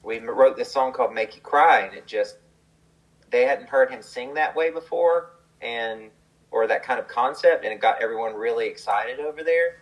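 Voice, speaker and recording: A man's voice: medium pitch, moderate pace, poor audio. A man, a songwriter, telling a story in a casual, chatty way, with lots of fillers and the odd laugh.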